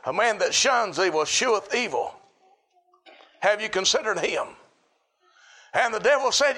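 A middle-aged man preaching a sermon, chanting in a repetitive cadence that rises to shouts. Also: high voice, lively intonation, unhurried, pauses often.

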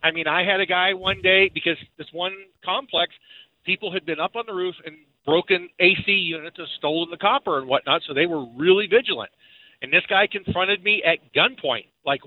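A man calling into a radio show, telling a story in a steady, earnest way. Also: high-pitched, normal speed, dry recording. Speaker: caller. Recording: tinny phone line.

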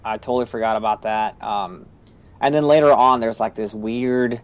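A man's voice: on the low side, moderate pace, dull audio. A man co-hosting a podcast in casual chat, rambling with many fillers and restarts. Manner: rambling, lots of likes and restarts. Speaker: podcast co-host.

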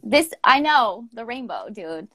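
A bubbly young woman with a slightly high voice, chatting loosely and laughing as she co-hosts a poetry show. She swears casually and talks in quick, animated bursts. The sound comes through a video call. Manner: giggly, swears freely, animated. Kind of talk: casual chat.

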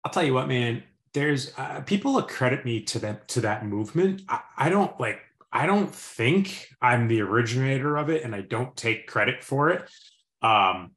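A man's voice: mid-range voice, expressive, moderate pace, fairly bright tone, roomy sound. A man hosting a podcast, talking in an earnest and reflective casual chat. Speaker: podcast host.

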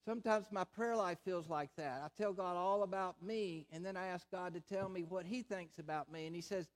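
A pastor delivering a sermon in a slow, deliberate way, with emphatic repetition. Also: male voice, sits high.

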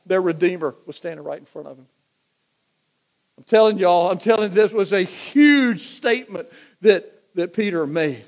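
A man's voice: high voice, animated, moderate pace. A man preaching a sermon, talking conversationally and building to emphatic repetition. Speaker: pastor.

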